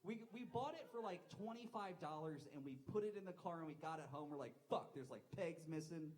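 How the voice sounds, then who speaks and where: A man's voice: high voice, animated, fast, a little mellow, poor audio. A young man performing a live stand-up set, telling rambling, self-deprecating stories with lots of swearing into a handheld mic on a club stage. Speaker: stand-up comedian.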